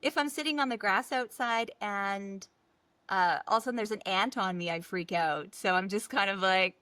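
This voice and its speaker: A woman co-hosting a podcast, talking in a relaxed, conversational way in casual chat. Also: mid-range voice, normal speed, smooth, dry recording. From Canada. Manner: relaxed conversational, short reactions. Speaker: podcast co-host.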